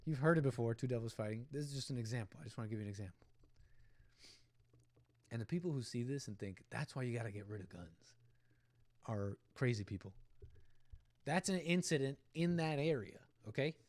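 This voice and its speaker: A man's voice: medium pitch, expressive, fairly quick, pauses often, darkish tone, no room sound. A man hosting a livestream, giving rambling, opinionated commentary on a video clip and talking back at the people in it. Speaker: livestream host.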